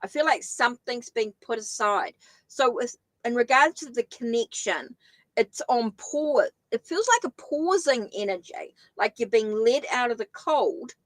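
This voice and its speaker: A woman's voice: a little high, expressive, measured pace, no echo, rough recording. Chatty New Zealand woman reading tarot. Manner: chatty, thinks aloud, many restarts. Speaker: tarot reader. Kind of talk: live-stream tarot reading.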